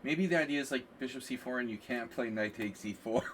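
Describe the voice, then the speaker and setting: Rambling chess coach, distant mic. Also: male voice, medium pitch, a little fast. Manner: rambling and animated, frequent "like" and "you know". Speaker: chess coach streaming a lesson. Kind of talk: casual live-stream commentary. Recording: distant mic with faint background hiss.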